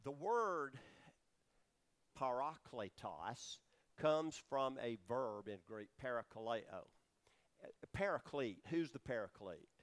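A man teaching a Bible study sermon, explaining words and asking his listeners questions as he goes. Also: mid-range voice. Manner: explanatory, asks the audience questions, many fillers. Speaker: preacher teaching scripture.

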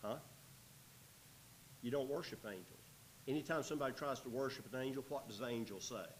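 A man's voice: medium pitch, fairly quick, slight background noise, rough recording. Folksy man teaching scripture. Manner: reads scripture aloud, then breaks in with folksy, joking asides. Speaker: Bible teacher. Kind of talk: verse-by-verse sermon teaching.

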